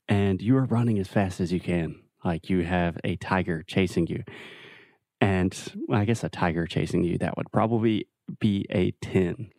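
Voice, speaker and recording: A man's voice: deep voice, warm tone, no echo, studio quality. A man hosting a casual English lesson video, explaining ideas with friendly everyday examples. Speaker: English teacher.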